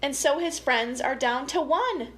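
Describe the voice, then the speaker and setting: A young woman family educator reading a picture book aloud to children, with gentle, playful, chatty asides to her young listeners. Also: high voice, a little slow.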